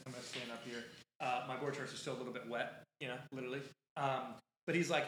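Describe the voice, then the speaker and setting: A man's voice: mid-range voice, fairly even intonation, fast talker, fairly bright tone. A man hosting a podcast, telling a casual story in a rambling, self-interrupting way. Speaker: podcast host. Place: podcast studio. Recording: echoey room.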